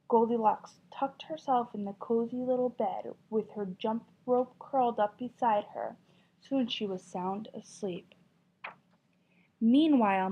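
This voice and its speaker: A woman teacher reads a children's story aloud with plenty of expression and a somewhat high voice. She then quizzes the class warmly and praises their answers. The recording sounds dull and lo-fi. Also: a little slow, breathy edge. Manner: expressive, encouraging questioning. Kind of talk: children's story reading and lesson.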